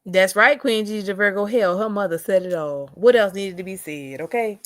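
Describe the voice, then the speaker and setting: A sassy young woman reads chat comments on her livestream, drawling out asides. Her voice sits at a middle pitch. The mic is close and dry. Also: moderate pace, no echo.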